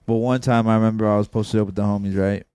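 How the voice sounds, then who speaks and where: A man's voice: lowish voice, flat delivery, fast talker, a little mellow, clear, resonant tone, no echo. A young man co-hosting a podcast, telling a rambling story among friends, full of slang and swearing. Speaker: podcast co-host.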